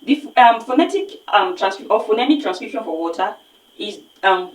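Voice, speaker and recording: A woman's voice: mid-range voice, sing-song, brisk, far from the mic. A woman with a Nigerian English accent giving an online phonics lesson, explaining emphatically and repeating words to model them. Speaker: phonics teacher. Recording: echoey room, voice set back from the mic.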